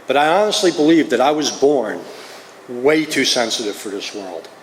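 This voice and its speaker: A man's voice: mid-range voice, lively intonation, moderate pace, a little hiss or hum. A middle-aged man with a New Jersey accent, telling his own story to a recovery group in an earnest, confessional way. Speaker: recovery meeting speaker. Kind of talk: personal testimony. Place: meeting hall. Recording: roomy hall, faint ambience.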